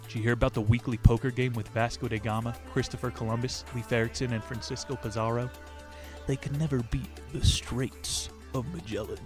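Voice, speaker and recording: A man's voice: mid-range voice, fairly even intonation, fairly quick, music in the background. A man hosting a book podcast, brash and crude, cracking corny jokes and swearing between passages he reads aloud. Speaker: podcast host reviewing books.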